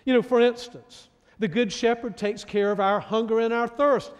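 A male pastor delivers a sermon in an emphatic preaching manner. His voice sits high, and he often restarts and repeats words as he presses a point. A long reverb trails every phrase. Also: fairly even intonation, moderate pace.

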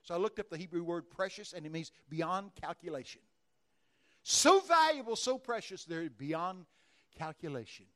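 A man preaching with a fairly high voice. He tells his stories with lots of animation, slipping into the voices of the people in them and rising to sudden shouts. The delivery is that of a sermon before a congregation. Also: normal speed. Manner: animated, acts out dialogue and shouts in bursts of excitement. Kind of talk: sermon storytelling.

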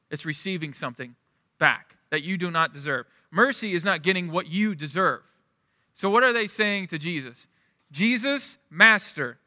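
A man's voice: high voice, sharp tone, studio quality. A middle-aged man preaching a sermon as pastor in a church, in a conversational way that keeps checking in with the congregation. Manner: conversational, asks the room "right?". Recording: long hall reverb.

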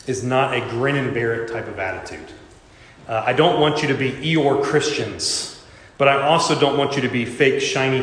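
A man preaching a sermon as pastor, expressive and dramatic, acting out the voices he quotes. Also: medium pitch. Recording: echoey church hall.

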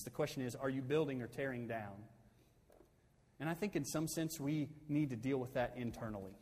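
A male pastor preaching a sermon, swinging from loud, emphatic peaks down to soft, quiet pleading. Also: mid-range voice. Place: church sanctuary. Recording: long hall reverb.

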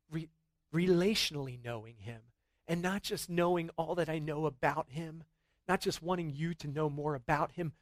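A middle-aged man preaching a sermon in a church, earnest and rising to excited emphasis at times. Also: fairly high pitch, no echo. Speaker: pastor.

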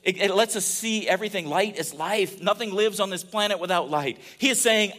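Man, pastor, conversational sermon, fairly high voice, animated, soft asides then emphatic peaks. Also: fairly quick, hardly any pauses. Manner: animated, asks the audience questions, swings between soft asides and emphatic peaks.

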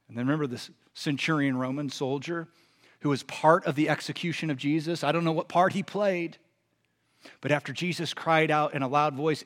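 A man's voice: fairly high pitch, steady tone, a little fast, fairly bright tone. A man, a pastor, preaching a sermon in a conversational, emphatic way with rhetorical questions.

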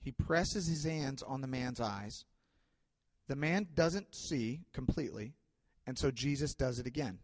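A man's voice: medium pitch, lively intonation, measured pace. Man, pastor, sermon, storytelling, fillers, long hall reverb, dry close voice. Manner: conversational storytelling with fillers, swings between loud and quiet.

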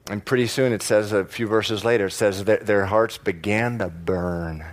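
A man preaching a sermon to a congregation in church, stressing key words by slowing down and repeating phrases. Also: lowish voice, fairly even intonation. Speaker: pastor.

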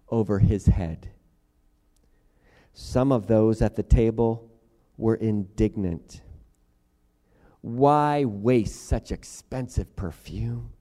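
A man preaching a sermon, reading scripture and then preaching dramatically, swinging from quiet passages to loud, forceful ones. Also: on the low side, slow, long pauses, in a large hall. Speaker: pastor.

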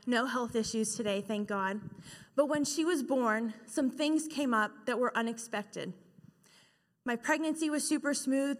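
Young woman preacher, higher voice, hall reverb, passionate storyteller. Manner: impassioned, storytelling. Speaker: guest speaker. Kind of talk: sermon. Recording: echoey hall.

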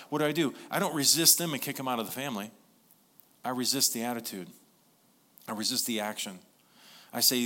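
Male pastor, mid-range pitch, bright forceful tone, earnest conversational sermon delivery. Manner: earnest, conversational preaching with repeated phrases.

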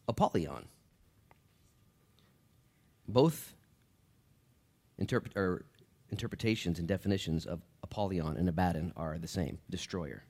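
Speaking at a moderate pace and pausing often, a man delivers a sermon to his church congregation as their pastor. His conversational style sinks into low, quiet moments before swelling to loud, emphatic points.

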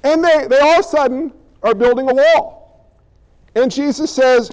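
A man preaching a sermon, animated and firing rhetorical questions at his listeners. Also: extremely high pitch, moderate pace, big-room sound.

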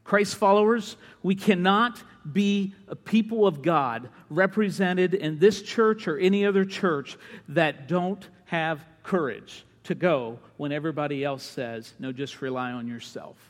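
Pastor, male, high pitched, impassioned sermon delivery that swings from loud calls to hushed lines; church hall with long reverb. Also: a little slow, few pauses. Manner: impassioned preaching, rising to shouts and dropping low.

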